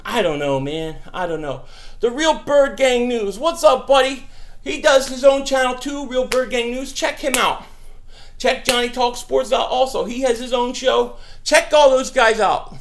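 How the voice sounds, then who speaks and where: A young man hosting a casual live-stream Q&A, answering viewer questions about football in a brash, animated way. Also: extremely high pitch, measured pace. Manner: animated, brash, mocks trolls.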